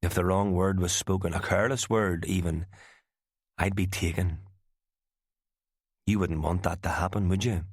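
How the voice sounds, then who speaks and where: Guy playing a charming gunman on the run, smooth talker, really deep dry voice. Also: fairly even intonation, normal speed, long pauses, dry recording. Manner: smooth and persuasive.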